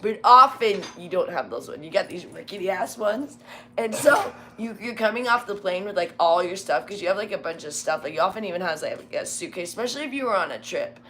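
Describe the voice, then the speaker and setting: A woman's voice: medium pitch, expressive, a little fast, a bit bright, a little hiss or hum. A middle-aged woman, once a military flight scheduler, telling a rambling story full of "like"s and acted-out quotes. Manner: rambling, many "like"s, acts out quotes. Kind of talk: casual storytelling chat.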